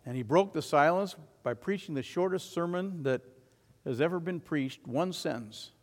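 A man preaching a sermon as pastor, swelling to loud emphatic declarations and then dropping quiet. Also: fairly high pitch, moderate pace, big-room sound.

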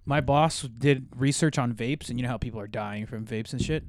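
A man's voice: mid-range voice, fairly quick, no room sound, studio quality. A young man co-hosting a podcast in casual chat, telling stories animatedly, swearing and laughing a lot. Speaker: podcast co-host.

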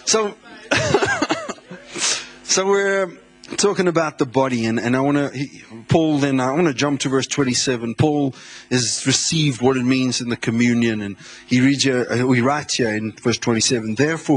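A man from South Africa, a visiting pastor, preaching a sermon in a church, excitable, laughing often and repeating words. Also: medium pitch, a little hiss or hum. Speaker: guest pastor.

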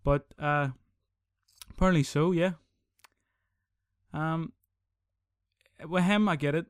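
Lad, solo podcast host, rambling and foul-mouthed, smooth clear voice, dry close sound. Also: male voice, fairly high pitch, takes it slowly, dry recording. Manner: sweary, rambling, animated. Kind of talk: casual solo podcast rant.

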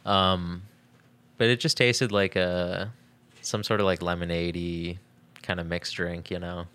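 Young male co-host, deep-voiced and laid-back, rambling speech, dry sound. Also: measured pace, no echo. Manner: relaxed, rambling, heavy use of "like". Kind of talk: casual podcast chat.

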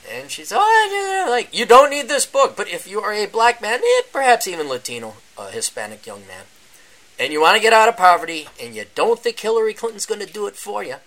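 A man hosting a casual solo podcast, rambling and sarcastic, often mocking other people in a high voice. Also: big pitch swings, fast, a bit bright. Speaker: podcast host. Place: indoors during a power outage.

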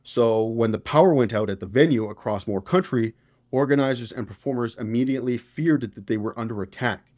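A man's voice: medium pitch, brisk, darkish tone. A man hosting a political podcast, reading news stories aloud and reacting with exasperated, profane commentary. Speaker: podcast host.

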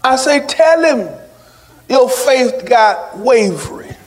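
A pastor preaching a sermon in church, building to shouts and teasing his congregation. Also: extremely high pitch, expressive, takes it slowly, slight background noise, poor audio. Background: music under the preaching.

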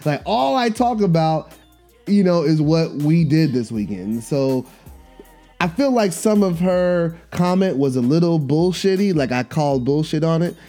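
A man hosting a podcast, telling a story in a casual monologue, animated and slangy, often repeating himself. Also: on the high side, unhurried, soft background music. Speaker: podcast host.

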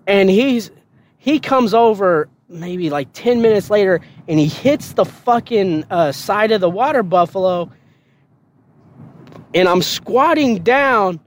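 A man with a high speaking voice tells a rowdy story about his past. He swears freely, breaks into laughter, and jumps up in pitch to play the other voices in his tale. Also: expressive, takes it slowly. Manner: laughing, swearing, acts out quotes in a higher voice. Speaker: podcast host telling a story. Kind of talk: casual storytelling.

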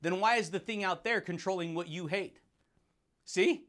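A man's voice: sits high, normal speed, fairly bright tone. A man hosting a motivational podcast, talking in a hyped, playful way, laughing often and calling listeners buddy and dude. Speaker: podcast host.

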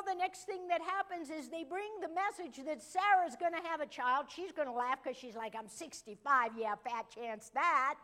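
A woman preaches from the pulpit in a high, light voice. She takes her time, telling the story slowly and letting her voice drop soft for emphasis. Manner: storytelling, slows and softens for emphasis. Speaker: pastor. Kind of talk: sermon.

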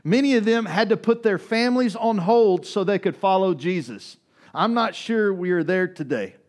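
Male pastor, sermon delivery, conversational, somewhat high-pitched, big swings between loud and soft. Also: lively intonation, normal speed. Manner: conversational preaching with frequent "right?" asides.

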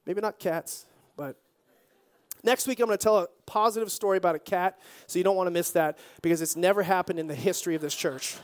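A pastor preaching a sermon with lively storytelling and jokey asides. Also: mid-range voice, fairly quick.

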